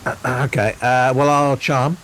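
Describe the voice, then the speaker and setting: A man's voice: mid-range voice, fairly even intonation, unhurried, fairly bright tone. A man playing a tabletop role-playing game, speaking hesitantly and stumbling through his character's pleas. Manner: hesitant, many fillers and restarts when speaking in character. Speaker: player. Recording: faint background noise.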